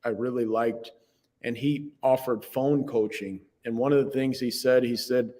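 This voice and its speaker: A man's voice: medium pitch, fairly even intonation, normal speed, mellow, big-room sound. A man guesting on a podcast interview, talking in an earnest, reflective way. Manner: earnest and reflective, speaks from the heart.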